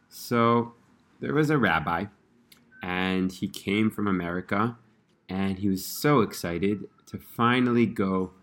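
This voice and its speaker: A man telling a religious story in a casual, earnest way, rising in pitch when he quotes the people in it. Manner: earnest, animated when quoting characters.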